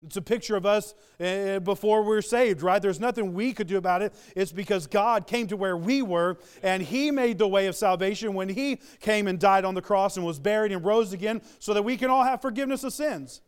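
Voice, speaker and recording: A man's voice: sits high, brisk, few pauses, clear, resonant tone. A man preaching a sermon, retelling a story with earnest, building emphasis.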